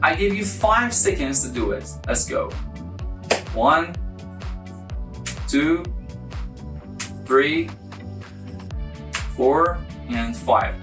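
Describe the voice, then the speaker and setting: Man, language tutor, slow and deliberate, repeats each word, roomy far-off mic, faint music under. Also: fairly high pitch, lively intonation. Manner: slow, repeats each word several times for the viewer to copy. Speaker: language teacher. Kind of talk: casual online language lesson. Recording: echoey room, mic at a distance.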